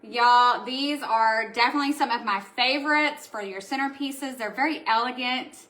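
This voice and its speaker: A woman's voice: on the high side, moderate pace, bright, forceful tone. Gushing woman hosting a live show. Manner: gushing, chatty, reads out viewer comments. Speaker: host of a live craft supply show. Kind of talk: casual live-stream product showcase. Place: indoor room at home.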